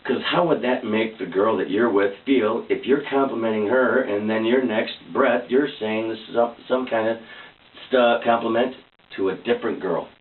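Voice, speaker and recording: A man's voice: on the low side, moderate pace. A man talking earnestly to camera in a casual personal vlog, rambling and restarting his sentences. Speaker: vlogger. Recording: echoey, distant, phone-like tinny sound.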